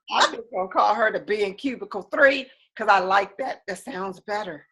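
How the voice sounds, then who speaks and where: A woman's voice: medium pitch, normal speed, vocal fry, pushed and bright, breathy edge. A woman hosting an interview show, joining in with playful, teasing banter. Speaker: host. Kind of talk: conversational interview.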